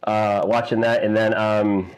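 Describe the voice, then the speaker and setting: A man co-hosting a film podcast, talking about a movie in a relaxed, enthusiastic way and pausing to search for words. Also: fairly low pitch, noisy background. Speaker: podcast co-host. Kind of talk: casual movie chat.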